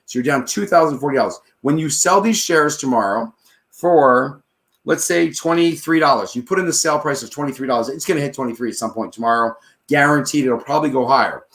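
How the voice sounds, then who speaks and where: A man hosting a trading advice show, talking casually and confidently while he walks through the numbers out loud and keeps checking in with his listener. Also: mid-range voice, brisk. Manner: checks in with "all right?" and "okay?" often. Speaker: stock trading advice host.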